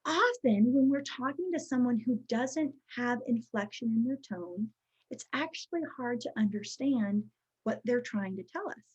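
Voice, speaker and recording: A woman giving a live workshop talk over a video call, teaching in a lively way and often checking in with "right?". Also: on the high side, moderate pace, breathy edge. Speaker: workshop presenter. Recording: muffled video-call audio.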